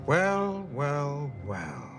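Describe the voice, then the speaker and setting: An actor playing a smug male villain in an eighties TV drama, drawling and mocking, heard as a TV clip under loud music. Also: a little high, huge pitch swings, very slow, heavily acted. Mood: gloating. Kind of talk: 1980s TV drama acting.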